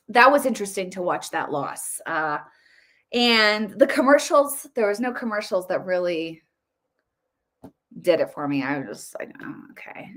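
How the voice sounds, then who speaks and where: A middle-aged American woman hosting casual political commentary, talking excitedly with frequent repeats and restarts. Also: mid-range voice.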